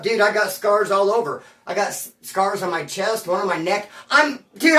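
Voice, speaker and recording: Man, streetwise slang, rambling animated storytelling, roomy echo, set back from the mic. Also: high-pitched. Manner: slangy, streetwise, keeps calling the listener homeboy; rambling and animated, with sound effects. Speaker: storyteller recounting his past. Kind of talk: casual spoken storytelling. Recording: roomy sound from a distance.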